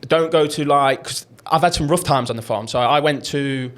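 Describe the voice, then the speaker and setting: A man's voice: on the high side, normal speed, a bit bright. A young man, rambling through travel stories in casual podcast chat and swearing freely. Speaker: podcast co-host.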